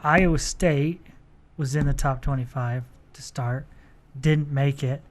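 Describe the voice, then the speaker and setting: A man from New co-hosting a sports talk radio show in a studio, chatting casually and chiming in with quick agreement. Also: medium pitch, fairly even intonation. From New York.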